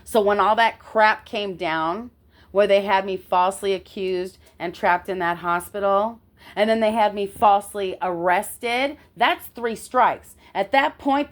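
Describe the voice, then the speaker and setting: Emphatic woman telling a personal story. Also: mid-range voice. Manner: emphatic and indignant, swears, checks in with "okay?".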